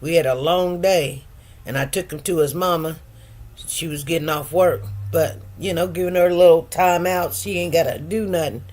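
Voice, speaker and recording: A woman's voice: on the low side, steady tone, normal speed, a little mellow. Chatty rambling woman in her fifties. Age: 50s. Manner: rambling, chatty, with frequent restarts and laughter. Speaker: livestream host. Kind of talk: casual chat with viewers.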